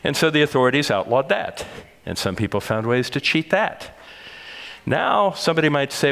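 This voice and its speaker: An older man giving a measured, explanatory public lecture at a conference, sometimes correcting himself as he goes. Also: medium pitch, sing-song, vocal fry, fairly bright tone. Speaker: conference speaker. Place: large conference hall. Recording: long reverb of a large hall.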